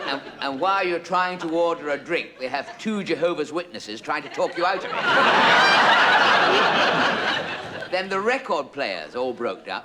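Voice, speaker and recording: English comic rambling on stage, voice swoops all over, loud hiss under it. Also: male voice, mid-range voice. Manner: digressive, self-interrupting, chuckling. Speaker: comedian. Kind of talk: rambling stand-up monologue. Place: studio with audience. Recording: loud background hiss, live audience laughter.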